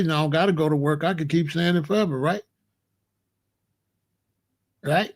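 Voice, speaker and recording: A middle-aged man from the United States talking in a blunt, emphatic casual monologue, often repeating himself. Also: fairly high pitch. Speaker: commentary channel host.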